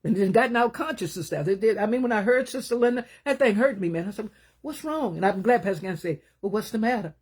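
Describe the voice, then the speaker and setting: Woman, preacher, sermon, husky voice, mid pitch, impassioned, emphatic, loud peaks and hushed asides. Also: expressive, fast, few pauses.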